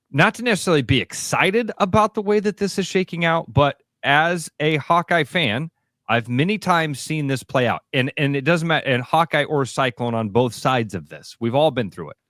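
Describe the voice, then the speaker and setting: A man's voice: fairly high pitch, a bit bright, dry recording, clean studio sound. A man co-hosting sports radio, talking animatedly with frequent restarts and some swearing.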